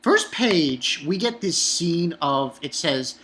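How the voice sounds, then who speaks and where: Excitable man with a bright voice. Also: fairly high pitch, takes it slowly. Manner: excitable, profane, rambling recap. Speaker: manga chapter reviewer. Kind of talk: casual online review.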